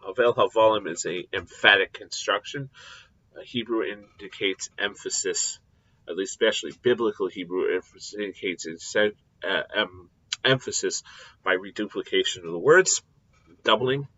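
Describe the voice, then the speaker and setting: Husky low-voiced man teaching scripture. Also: bright, forceful tone, highs cut off. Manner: deliberate, explanatory, with frequent pauses and fillers. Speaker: Bible teacher. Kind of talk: recorded scripture lecture.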